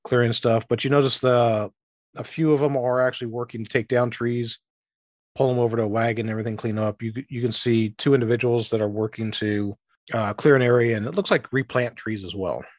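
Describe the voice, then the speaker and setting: Casting: male game master, mid pitch, loose rambling narration, dry close sound. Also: steady tone, a little mellow, no echo. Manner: rambling, restarts often, voices townsfolk in quick asides.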